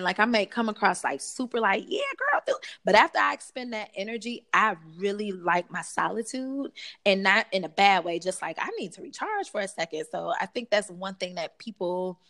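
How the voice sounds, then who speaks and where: Woman, coach on a podcast; expressive, slangy, laughs easily. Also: mid-range voice, normal speed. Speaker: life coach guest. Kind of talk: casual podcast interview.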